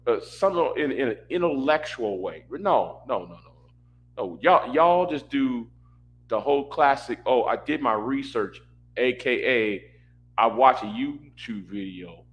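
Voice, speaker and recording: A man's voice: medium pitch, lively intonation, unhurried. A man in a casual rant, exasperated and repetitive, stumbling over restarts. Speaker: commentator reacting to a panel stream.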